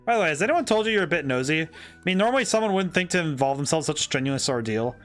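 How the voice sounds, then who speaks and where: A man's voice: a little high, rapid-fire, soft background music. A man reading an earnest young fortune teller woman. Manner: reads the dialogue aloud in his own voice, calm and sincere.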